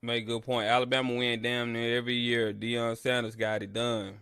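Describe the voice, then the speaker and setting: Speaking a little fast in a flat, mid-range voice that's pushed, bright and smooth, this man runs a casual sports listen-along stream for his viewers. His fan commentary moves from boastful jabs at rivals to ranting complaints about the broadcaster, aimed directly at chat. It's a dry, clean studio recording.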